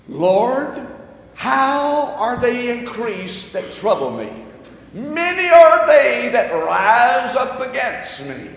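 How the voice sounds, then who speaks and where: A man preaching a sermon as pastor, calling on the congregation to answer and rising into shouts. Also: very high voice, gravelly. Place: church sanctuary. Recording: echoey hall.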